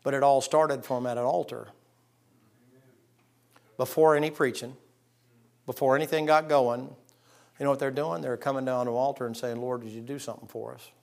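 A man's voice: mid-range voice, fairly even intonation, brisk, creaky, long pauses. Folksy preacher man. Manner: folksy storyteller, acts out voices, swings between hushed and loud. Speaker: pastor. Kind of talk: sermon.

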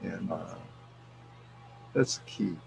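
Middle-aged man, raspy, swears freely, animated casual storyteller. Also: deep voice, slow, noisy background. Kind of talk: casual chat.

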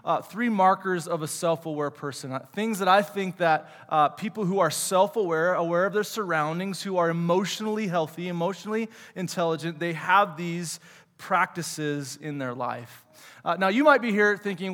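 Joking male church teacher, high voice. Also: normal speed, fairly bright tone. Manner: chatty, joking, many fillers and rhetorical questions. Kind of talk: casual sermon with audience questions. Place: church sanctuary. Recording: long hall reverb.

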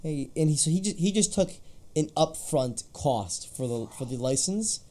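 A man co-hosting a casual gaming podcast, running through news in a relaxed, chatty way with plenty of fillers and restarts. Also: a little high, normal speed. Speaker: podcast co-host reading news.

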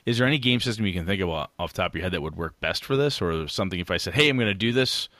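A man co-hosting a podcast, chatting casually about tabletop gaming in a rambling, animated way with casual swearing. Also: sits low, rapid-fire, no echo. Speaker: podcast co-host.

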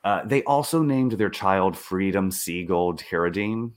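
A man co-hosting a casual chat, telling a story with animated delivery and acted-out quotes. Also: measured pace. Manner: animated, acts out quotes with swooping pitch. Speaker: podcast co-host.

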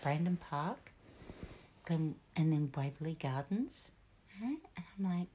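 A woman's voice: sits low, normal speed, dark tone. A middle-aged Australian woman, a mother, chatting casually and telling family stories, acting out what her husband said. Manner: storytelling, quoting her husband, laughing often.

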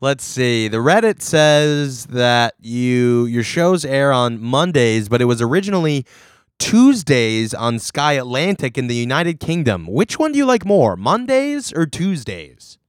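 A man's voice: mid-range voice, very animated, measured pace, clear, resonant tone, no room sound, clean studio sound. A man co-hosting a casual comedy chat, playful and reading out posts. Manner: playful, reads from a forum, laughs along. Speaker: podcast co-host.

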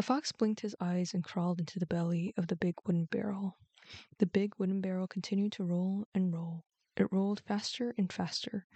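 Gentle woman reading a bedtime story. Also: medium pitch, fairly even intonation, normal speed, no echo. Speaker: host and storyteller.

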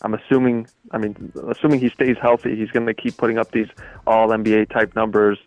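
Sports writer guy on a podcast, lowish voice, sure of himself, muffled sound, faint music. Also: flat delivery, a little fast, dry recording. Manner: confident, emphatic opinions. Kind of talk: casual sports chat.

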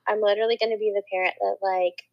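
A woman's voice: mid-range voice, level tone, very fast, vocal fry, lo-fi sound. A young woman talking as a podcast guest, chatting casually and laughing often. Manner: chatty, laughs often, says "oh my gosh" a lot. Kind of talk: casual chat.

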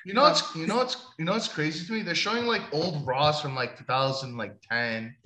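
A man co-hosting a casual talk show, animated and jokey, swearing often. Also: on the high side, fairly quick, reverberant, slight background noise, low-quality recording. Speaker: podcast co-host. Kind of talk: casual chat.

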